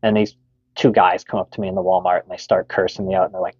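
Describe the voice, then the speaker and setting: A man's voice: low-pitched, flat delivery, fast, husky, dry recording, dull audio. A middle-aged Canadian man candidly telling a personal story, frank and swearing freely, with many fillers.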